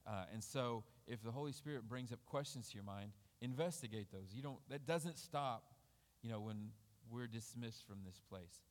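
A man speaks at a middle pitch, preaching in a loose, conversational way. He thinks aloud, circling back and restarting as he explains scripture. His voice rings out with the long reverb of a church hall. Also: moderate pace. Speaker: lay preacher. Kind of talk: conversational sermon.

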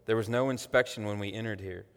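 A man's voice: fairly low pitch, steady tone, fast talker, fairly bright tone, clear, resonant tone, voice pushed down. A man reading aloud the lines of a frightened, reluctant young woman prisoner, doubtful and wailing. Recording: long echoey hall reverb.

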